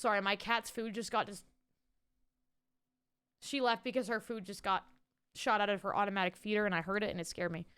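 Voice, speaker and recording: A woman's voice: medium pitch, fairly even intonation, brisk, pauses often, fairly bright tone, clean tone. A woman streamer chatting casually at home, rambling, swearing freely and thanking viewers. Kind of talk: casual live-stream chat reading out viewer messages.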